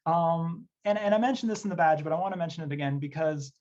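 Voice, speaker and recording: A man's voice: fairly high pitch, quick pace, a little mellow. A man from Tennessee who works as an instructional designer, leading an online workshop in an earnest, conversational way with many fillers. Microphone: computer mic on a video session. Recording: dull lo-fi audio.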